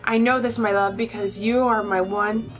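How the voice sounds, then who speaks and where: A woman's voice: medium pitch, fairly even intonation, normal speed, soft background music, natural voice. A woman playing a yearning mistress of death. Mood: pleading. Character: lovelorn female mistress of death, pleading.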